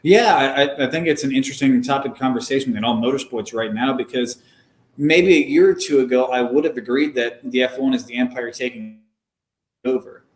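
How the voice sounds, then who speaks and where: A young man, a former race car driver, explains things in a measured casual way, with frequent filler words. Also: medium pitch. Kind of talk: casual conversational interview. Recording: roomy echo.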